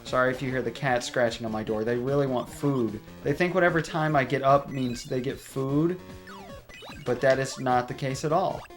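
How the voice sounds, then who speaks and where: A young man hosts a let's play from a room at home, giving gameplay commentary in a mid-range voice at a moderate pace. He chats casually, rambles off on tangents and laughs often, with soft music in the background.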